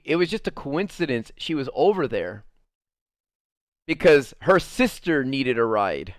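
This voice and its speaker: A man's voice: medium pitch, big pitch swings, unhurried, no room sound, studio quality. A young man streamer telling a personal story in casual chat, rambling with lots of fillers and the odd swear. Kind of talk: casual storytime while gaming.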